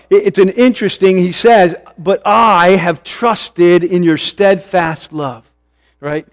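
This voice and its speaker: Middle-aged guy preaching, high voice, earnest, repeats stuff for emphasis. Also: steady tone. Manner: earnest, with emphatic repetition and slow stressed phrases. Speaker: pastor. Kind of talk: sermon.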